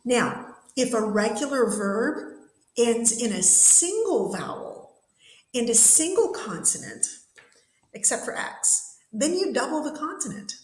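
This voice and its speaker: Slow, patient woman teaching grammar. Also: fairly high pitch, sing-song, roomy sound, low-quality recording. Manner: patient, repeats and spells out words slowly. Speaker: English teacher. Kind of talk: classroom grammar lesson. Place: classroom with whiteboard.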